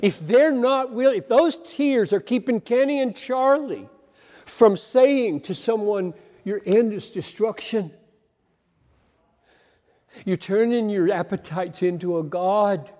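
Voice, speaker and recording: An older man preaches with an earnest, emphatic voice that sits high for a man. He halts and repeats words as he presses his point. The sound rings with a long hall echo. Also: a little mellow. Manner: earnest, emphatic, with halting repetitions. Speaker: pastor. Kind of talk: sermon.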